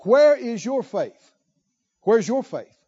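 A man preaches a sermon in a very high, animated voice, drawing his words out slowly and with a mellow tone. He leans on rhetorical questions and repetition. The recording sounds dull and lo-fi. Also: breathy edge. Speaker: pastor.

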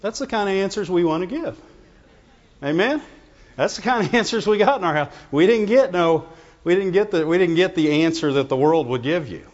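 A man's voice: high-pitched, animated, brisk. A man preaching a conversational sermon to his congregation, often checking in with "Amen?" and "Right?". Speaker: pastor. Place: church sanctuary. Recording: dull reverberant church recording.

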